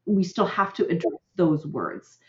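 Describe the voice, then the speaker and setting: A woman's voice: lowish voice, sing-song, a little slow, a little mellow. A middle-aged woman, a parenting coach on a podcast, talking earnestly and often checking in with "right?". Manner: gestures a lot while talking. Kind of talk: podcast interview conversation. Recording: roomy, slightly dull audio.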